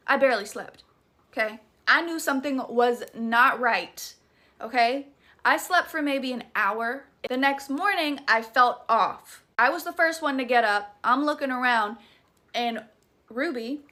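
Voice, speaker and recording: A woman's voice: on the high side, pushed and bright. A young woman with a Southern US accent tells a horror story in a casual, dramatic and profane way. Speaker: storytime creator.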